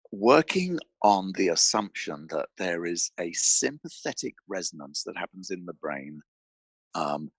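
Husky, animated man telling a story. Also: sits low, dry recording. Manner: animated, repeats words as he restarts, acts out quoted voices. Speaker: podcast guest. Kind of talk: conversational interview storytelling. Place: indoor studio with a mic.

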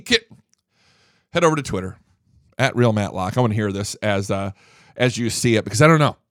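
A man's voice: fairly high pitch, fairly bright tone, no room sound. A man hosting a political talk radio show, talking in a heated and emphatic way and often repeating himself at a studio microphone.

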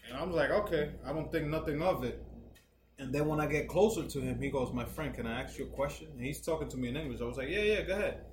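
Man, podcast co-host, animated storyteller, echoey room, noisy background. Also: medium pitch, quick pace. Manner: animated storytelling, swears freely, acts out quoted people. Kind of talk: casual podcast chat.

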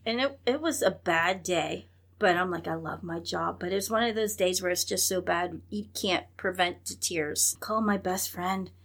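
An American woman being interviewed, telling frank stories about her life in a casual, animated way. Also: lowish voice, moderate pace. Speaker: interview guest. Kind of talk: casual conversation.

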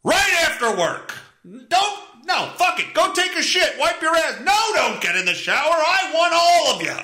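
A man mocking a wife as shrill, gushing and obsessively devoted, shrieking her adoration. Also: normal speed, pushed and bright, reverberant, full character voice. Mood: manic gushing. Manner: shrieking, over-the-top adoring.

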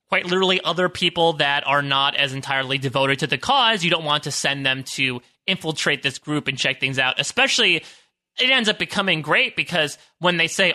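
A man's voice: fairly high pitch, bright, forceful tone. A man co-hosting a podcast, chatting in a playful, enthusiastic way. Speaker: podcast co-host. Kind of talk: casual podcast chat.

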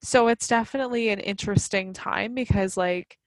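A woman's voice: mid-range voice, moderate pace, no echo. A woman in her thirties in casual chat, a mother talking loosely with lots of "like" fillers. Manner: chatty, many fillers of "like".

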